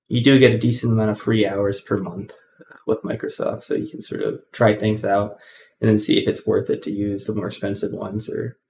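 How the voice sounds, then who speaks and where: A man's voice: lowish voice, gravelly, a little mellow, a little hiss or hum. A man hosting a casual coding tutorial, rambling with many ums and self-corrections.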